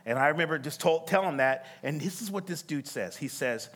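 A man preaching a sermon, telling a story with lively acted-out voices and calling out to the congregation. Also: a little high, a little fast. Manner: animated storytelling, acts out voices, laughs, calls to congregation. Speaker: pastor.

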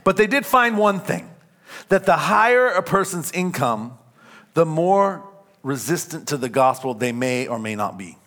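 A man preaching a sermon in church, emphatic, with call-and-response lines that rise to shouts on key points. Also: a little high, big pitch swings, a little slow. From California. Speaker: pastor. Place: church sanctuary.

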